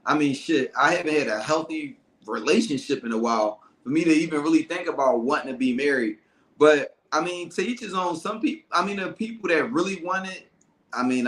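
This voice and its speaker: Man, podcast host, higher bright voice, slangy and relaxed, roomy echo. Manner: loose, slangy, reads out live chat. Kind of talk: casual podcast chat.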